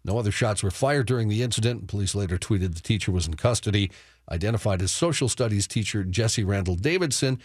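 A man's voice: low-pitched, darkish tone, husky, no echo. A man reading the news on a sports talk radio show, matter-of-fact and chuckling between stories, in a studio. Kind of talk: reading news updates with banter.

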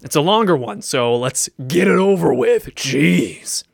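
A man's voice: fairly high pitch, expressive, measured pace, gravelly. A man co-hosting a podcast, joking and teasing in casual chat. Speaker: podcast co-host.

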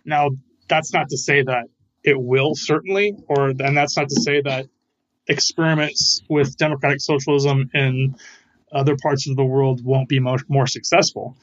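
A man who is a scholar, answering interview questions in a careful, measured way. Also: medium pitch, steady tone, a bit bright, no echo, dull audio. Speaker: guest scholar.

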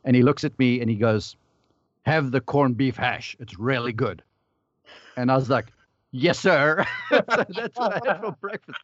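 A man's voice: mid-range voice, dry recording, highs cut off. A man on a podcast casually telling a story, acting out the lines of the people in it. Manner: anecdotal, acts out quoted dialogue. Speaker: podcast panelist, former caddie.

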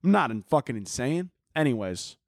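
A man's voice: medium pitch, sing-song, normal speed, no room sound. Profane rambling young man, dry close mic. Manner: rambling, profane, jokey, laughs often. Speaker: podcast host. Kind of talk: casual solo podcast chat.

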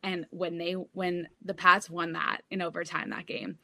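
A woman's voice: on the low side, level tone, normal speed, vocal fry, sharp tone. A young woman co-hosting a casual sports podcast, telling a family story in a chatty way. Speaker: podcast co-host.

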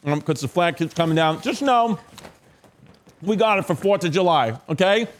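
A man's voice: high voice, animated, normal speed. A man hosting a podcast, rambling and joking in casual chat with plenty of fillers. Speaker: podcast host.

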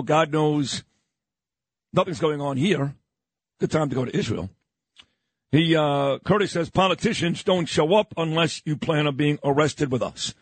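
A man's voice: a little high, no echo. A man hosting a morning talk radio show, ranting in a fired-up, opinionated way. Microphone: studio microphone.

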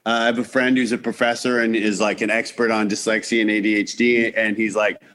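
A man's voice: lowish voice, level tone, brisk, a bit bright. A man from Canada, a comedian guest, chatting casually and animatedly, full of restarts and acted-out quotes. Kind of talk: casual podcast chat.

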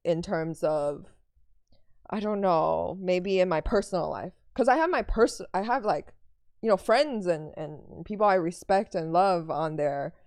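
A woman's voice: lowish voice, measured pace, darkish tone, no echo. Comedian lady on a podcast, rambly and giggly, dry close mic. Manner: rambling, self-correcting, giggly. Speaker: comedian guest. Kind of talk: casual podcast chat.

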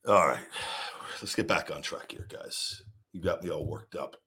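A middle-aged man hosting a live show and answering viewer questions, swinging between profane, heated ranting and calm, rambling advice, with frequent repeated words and restarts. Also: extremely low pitch, normal speed, slightly rough. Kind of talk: unscripted livestream chat.

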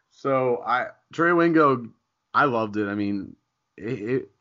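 A man's voice: mid-range voice, expressive, slow pace, pushed and bright. A man hosting a podcast in casual chat, rambling and often breaking off mid-thought with a laugh. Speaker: podcast host. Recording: dull lo-fi podcast audio.

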